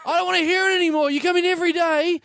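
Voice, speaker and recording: A man's voice: very high-pitched, fairly even intonation, rapid-fire, fairly bright tone, no echo, clean studio sound, pitched above the performer's own voice. A man voicing a young male comic shop clerk, ranting in exasperation. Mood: exasperated.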